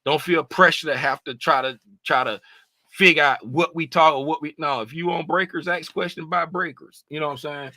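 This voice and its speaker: A man's voice: a little high, fairly even intonation, a little fast, bright, forceful tone, dry recording. A man hosting a casual livestream as a trading mentor, explaining things in a laid-back, rambling way with lots of "you know what I'm saying.".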